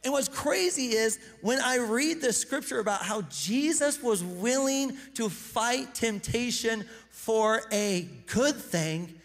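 A pastor giving a casual, conversational sermon, energetic and self-deprecating, often repeating words as he gets going. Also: very high voice, takes it slowly, few pauses, faint music behind. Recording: reverberant hall.

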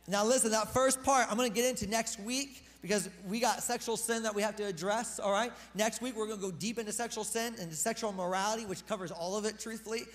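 A man's voice: high voice, steady tone, quick pace, few pauses. A man preaching a sermon as pastor to his congregation, talking to them in a casual, emphatic way. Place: church hall. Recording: long reverb of a hall.

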